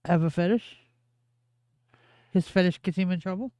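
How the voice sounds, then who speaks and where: A man putting on a high-pitched alter ego who teases him from off-mic. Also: normal speed, mellow, no echo, natural voice. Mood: teasing.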